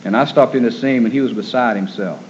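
A man preaching a sermon in an earnest, gentle storytelling manner. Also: mid-range voice, fast, a little hiss or hum. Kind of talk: sermon on caring for the terminally ill. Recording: dull lo-fi recording.

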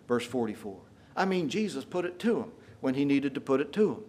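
A man preaching a sermon, retelling scripture dramatically with folksy paraphrase and getting louder on the quoted lines. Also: mid-range voice, big pitch swings, fairly quick, slightly rough. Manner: emphatic, rises in volume for quoted lines.

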